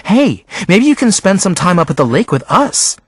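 A man performs an eager, fawning teenage girl, pushing his voice high above its natural pitch in an exaggerated way. The delivery is breathy, at normal speed, with big pitch swings, recorded dry in a clean studio.

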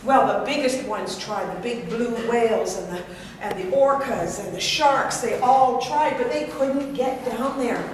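A woman's voice: a little high, unhurried, slight background noise. Woman storyteller echoing across a hall. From Canada. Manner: lively, expressive, addresses the audience directly. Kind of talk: live oral storytelling. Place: large hall. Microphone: distant mic. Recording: echoey hall from far off.

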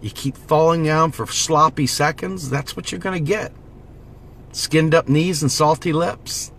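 A man's voice: fairly high pitch, a little slow, fairly bright tone, a little hiss or hum. Urgent, preachy man rallying viewers. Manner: preachy, urgent, repeats slogans. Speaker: political vlogger. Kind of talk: impassioned direct-to-camera monologue.

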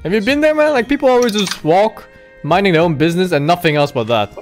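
A man with a notably high voice streams a strategy game, chatting loosely with friends. He gets excitable and swears freely. Faint music runs underneath. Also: fast. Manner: excitable, swears, thanks subscribers. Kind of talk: casual gaming stream chat.

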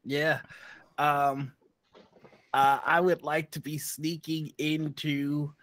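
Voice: mid-range voice, little pitch movement, takes it slowly, a bit bright. A player in a tabletop game who talks hesitantly and laughs often. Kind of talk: casual tabletop game chat.

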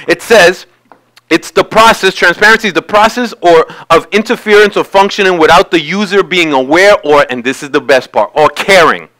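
A man's voice: a little high, pushed and bright. A male pastor giving a sermon, talking conversationally and building to emphatic peaks. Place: church sanctuary.

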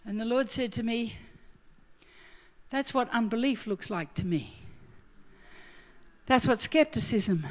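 Aussie lady preacher, high voice, tells her story all animated. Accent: Australian. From Australia. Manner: animated storytelling, acts out her own quoted lines. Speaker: guest preacher. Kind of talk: storytelling sermon.

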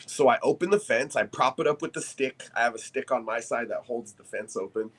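A man, a podcast guest, telling a story in casual chat, animated and profane, laughing as he talks. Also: medium pitch, brisk, slightly rough.

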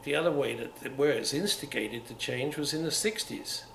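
Recorded in a museum room with roomy sound and faint hiss, an English man in his seventies reminisces without a script for an oral history interview. His accent blends upper-class London and Cockney, and he rambles, restarting and repeating frequently. The voice is medium in pitch, moderately paced, creaky, and fairly bright.

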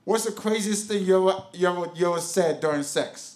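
A man's voice: sits high, fairly quick, darkish tone. A man with a Haitian accent, born in the United States, bantering and telling stories on a live comedy podcast. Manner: boisterous, laughing storyteller. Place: live stage before a crowd. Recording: roomy live venue sound.

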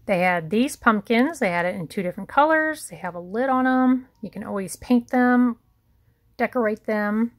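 A woman's voice: on the high side, moderate pace, no echo. A woman from Indiana, chatting casually to viewers as a vlogger and telling a story in a folksy way. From Indiana, USA. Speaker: shopping haul vlogger. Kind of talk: casual vlog chat and story time.

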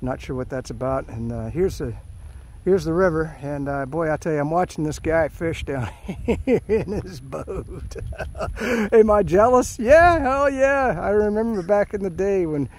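A man's voice: fairly high pitch, moderate pace. A middle-aged man vlogging on a hike outdoors, reading signs aloud and chatting, slightly out of breath. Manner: chatty, excitable, reads signs aloud then comments. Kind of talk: casual hiking vlog with sign reading. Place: outdoors at a park mound.

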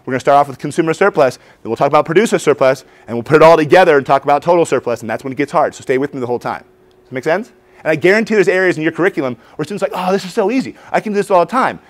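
A man in his forties giving an energetic conference workshop for teachers, acting out his students' voices. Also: on the high side, racing. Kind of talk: lively conference talk with demonstrations. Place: conference hall before an audience.

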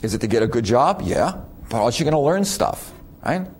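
A man's voice: medium pitch, sing-song, fairly quick, slight background noise. A middle-aged man giving a conversational university lecture, asking rhetorical questions and stumbling over repeated words. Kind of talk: recorded lecture to students.

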